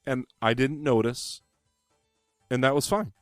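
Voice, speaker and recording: A man's voice: medium pitch, a little slow, dry recording, faint music behind. A man co-hosting a casual podcast, laid-back with dry short remarks. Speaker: podcast co-host, youth leader. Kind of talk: casual chat.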